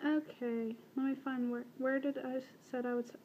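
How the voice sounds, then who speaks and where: She sits high in pitch with little movement, a dark tone, and hardly any pauses at normal speed. The early-twenties Baltimore video blogger answers questions in a casual voice meme, mixing in self-deprecating remarks with a light, drifting Baltimore accent. The recording is muffled.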